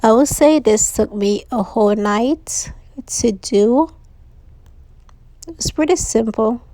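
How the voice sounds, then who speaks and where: Casual lady walking thru a diy craft, bit hoarse, mellow voice, dry close sound. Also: a little high, slow pace, no echo. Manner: chatty, uses "like" and "so yeah". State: losing her voice. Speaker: DIY crafts channel host.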